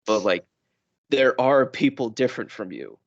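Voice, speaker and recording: A man's voice: mid-range voice, moderate pace, no room sound, muffled recording. A young man from New York co-hosting a podcast, chatting casually with rambling, self-correcting asides. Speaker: podcast co-host. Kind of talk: casual chat.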